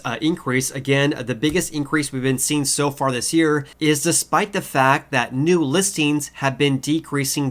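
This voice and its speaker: A man hosting his own explainer video, his voice nasal and stuffy from a cold. He talks casually at a middling pitch, fills gaps with "uh" and repeats his key points for emphasis. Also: fairly bright tone. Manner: frequent uh fillers, repeats key figures. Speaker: housing market video host. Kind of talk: casual explainer talk to camera.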